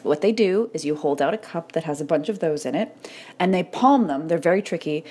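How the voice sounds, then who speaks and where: A woman's voice: deep voice, lively intonation, fairly quick, darkish tone, slightly rough. A woman talking straight to her audience in a casual motivational monologue, telling a funny story and swearing now and then. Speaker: creator talking to entrepreneurs and artists.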